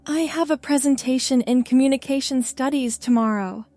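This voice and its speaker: A woman's voice: high voice, moderate pace, mellow, dry recording, faint music behind, voice pushed up, close to an everyday voice. Brief: woman reading a flustered young man, protesting, storybook. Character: Malik, reluctant young man student.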